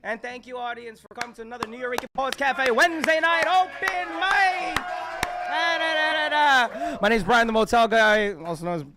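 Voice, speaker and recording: A man hosting a live poetry open mic, recapping each performer's lines and thanking them, animated and quick to laugh. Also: very high voice, heavy background noise. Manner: animated, laughing, quoting performers with shouted bursts. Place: poetry cafe venue, live.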